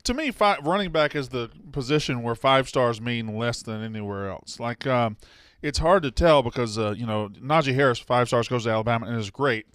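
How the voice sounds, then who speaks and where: A man's voice: mid-range voice, brisk, fairly bright tone, clear, resonant tone, no room sound. Man, call-in sports host, brash, joking, mid voice, dry studio sound. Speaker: radio show host taking calls.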